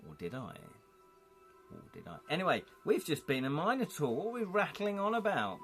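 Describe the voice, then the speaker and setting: A man's voice: a little high, wildly swooping pitch, fairly quick, fairly bright tone, soft background music. A man hosting a live-streamed interactive gamebook, chatty and rambling as he reads chat comments aloud and asks viewers to vote.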